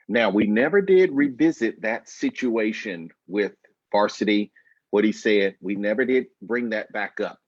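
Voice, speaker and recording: Husky man telling his story slowly. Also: on the low side, no echo, lo-fi sound. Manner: slow, reflective, emphatic. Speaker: guest. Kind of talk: personal storytelling interview. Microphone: video call.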